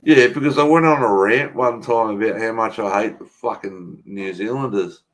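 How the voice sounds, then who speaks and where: A man's voice: fairly low pitch, normal speed, fairly bright tone. A man chatting casually on a livestream, laughing and swearing as he banters.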